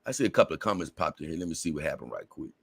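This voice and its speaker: A man's voice: very deep voice, expressive, racing, vocal fry, slightly rough, no echo. A man with a Southern US accent hosting a casual livestream, reading viewer comments in a rambling way, repeating words and laughing often. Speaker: livestream host.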